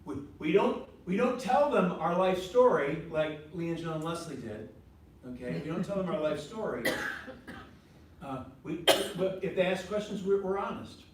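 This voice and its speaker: A man's voice: high voice, lively intonation, moderate pace. Male ministry teacher, conversational class talk; heavy room echo, faint background noise. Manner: conversational, repeats points, asks the class questions. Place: meeting room with a group. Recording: very echoey room from far off.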